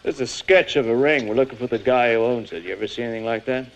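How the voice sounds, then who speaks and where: An actor playing a businesslike police detective, asking a witness short, clipped questions in film dialogue. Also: male voice, mid-range voice, fast talker, slight background noise, close to an everyday voice. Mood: questioning. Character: brisk, businesslike male cop questioning a witness.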